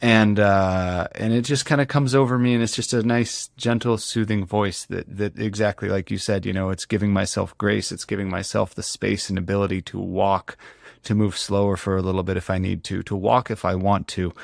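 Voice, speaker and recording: A man's voice: lowish voice, fairly even intonation, moderate pace, creaky, no echo, studio quality. A man speaking as an interview guest, reflective and earnest, often restarting his sentences as he searches for words. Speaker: guest ultrarunner.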